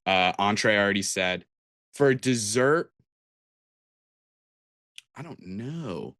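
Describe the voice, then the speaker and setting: Speaking slowly but animatedly, a podcast co-host with a lowish, fairly bright voice chats casually about tabletop games. He rambles and restarts a lot, and the recording is dry with clean studio sound.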